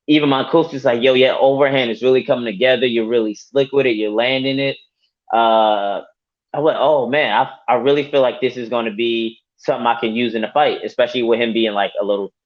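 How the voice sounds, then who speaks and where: A man, a fighter, talking casually in an interview, animated and laughing often. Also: medium pitch. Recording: dull lo-fi audio.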